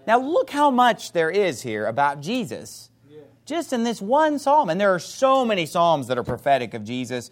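A man preaching a sermon, reading scripture emphatically and playfully mimicking his opponents in excited voices. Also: high voice, normal speed. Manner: reads scripture aloud in a rising, emphatic voice.

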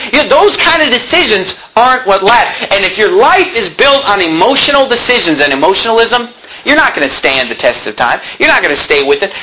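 Bright-voiced man preaching a sermon. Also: sits high, a little hiss or hum, rough recording. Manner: earnest, direct, reads from old scripture. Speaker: pastor. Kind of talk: sermon with scripture reading.

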